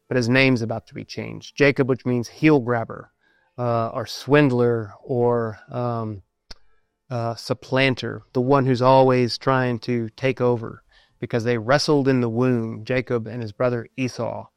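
A man preaching a sermon, reading scripture aloud and explaining it, with many pauses and filler words as he thinks aloud. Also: medium pitch, vocal fry, clear, resonant tone, dry recording. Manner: halting, many ums and uhs, thinking aloud.

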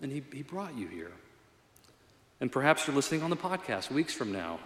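A man's voice: medium pitch, very animated, fairly quick, fairly bright tone. A man preaching a sermon as a pastor, conversational and earnest, with a self-deprecating touch. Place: church sanctuary. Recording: echoey hall reverb.

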